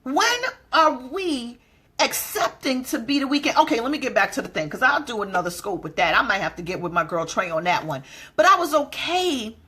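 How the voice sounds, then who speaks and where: A woman's voice: sing-song, fairly quick, sharp tone, husky. A middle-aged woman giving an emphatic motivational talk, drawing out key words and jumping into quoted voices. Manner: acts out quoted voices with sudden pitch jumps. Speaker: motivational speaker.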